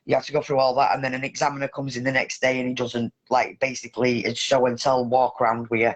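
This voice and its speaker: A woman hosting a casual chat, telling a story in an animated way and swearing heavily. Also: rumbling low, fast. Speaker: podcast host.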